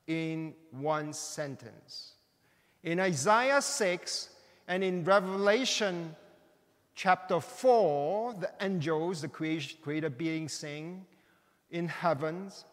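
A middle-aged man preaching a sermon, with slow, emphatic delivery, big swings between loud and soft, and slightly non-native phrasing. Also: on the high side, lively intonation. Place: large church hall. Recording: reverberant hall.

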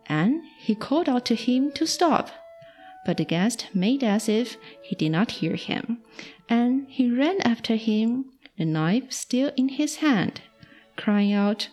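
A woman volunteer storyteller reading a fairy tale aloud to children in a slow, expressive read-aloud. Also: on the high side, soft background music.

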